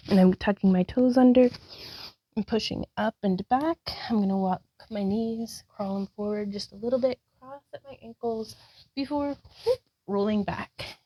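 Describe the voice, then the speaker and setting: A breathy woman guides her own yoga flow, sighing between cues and out of breath, her voice mellow and warm. She stays upbeat and self-encouraging, recorded dry and close with no room sound. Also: fairly high pitch, unhurried, dry recording, rough recording. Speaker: yoga vlogger. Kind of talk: guided yoga practice narration.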